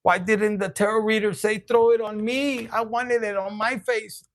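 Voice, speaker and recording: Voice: medium pitch, steady tone, normal speed, voice pushed up, lightly acted. A tarot reader putting on the voice of a jealous, indignant male ex-partner who complains in an exaggerated, whiny way. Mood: jealous whine.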